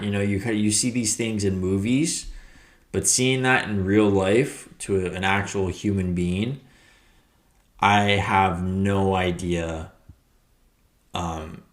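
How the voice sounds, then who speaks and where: A man hosting a reaction video, commenting casually and haltingly, often searching for words. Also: low-pitched.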